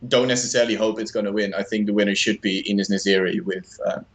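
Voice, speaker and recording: A man's voice: fairly low pitch, fairly even intonation, fast, poor audio. A man co-hosting a live stream, chatting casually in an easygoing way. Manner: easygoing, laughs often. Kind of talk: casual chat.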